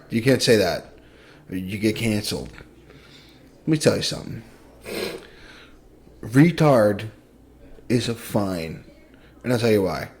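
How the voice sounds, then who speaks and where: A man's voice: fairly low pitch, darkish tone. Young guy cohosting a podcast, swears a ton, rambly jokey rants, voice jumps all over. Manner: profane, rambling, joking rants. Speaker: podcast co-host. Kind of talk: casual podcast chat.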